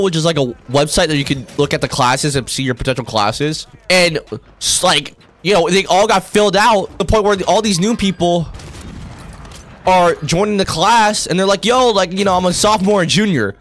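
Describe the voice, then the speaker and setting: A man's voice: sits high, fairly bright tone, slight background noise. Slangy, irritated young man ranting. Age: young adult. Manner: irritated, profane, slangy with "bro" and "man", stumbling restarts. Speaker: college student gamer. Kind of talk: ranting commentary over gameplay.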